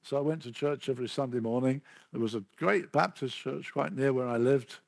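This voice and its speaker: A man's voice: medium pitch, fairly quick, creaky, no echo, clean studio sound. An older man preaching a sermon, telling his story earnestly and often restarting his sentences.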